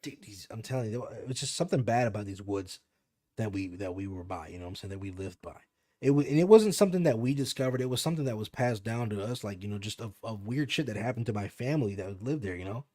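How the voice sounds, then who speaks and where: A man's voice: fairly low pitch, lively intonation, fast talker, mellow. A young man on a podcast, telling a spooky story casually with lots of fillers and swearing. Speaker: podcast co-host.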